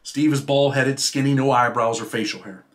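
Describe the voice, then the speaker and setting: A man reading aloud from his own memoir about prison life, in a steady storytelling way. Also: mid-range voice, normal speed. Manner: steady storytelling read, dropping quieter at sentence ends.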